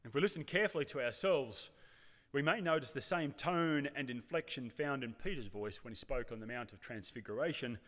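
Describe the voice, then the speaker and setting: Man, preacher, sermon, rhetorical and reflective, mid pitch, long church reverb. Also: fairly quick, a bit bright. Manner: reflective, rhetorical, acts out voices of the congregation.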